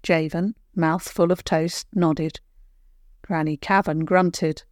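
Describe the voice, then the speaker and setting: Older woman, storyteller, children's tale, gentle and measured, lowish voice, dry close sound. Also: fairly even intonation, no room sound. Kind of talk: scripted children's story narration.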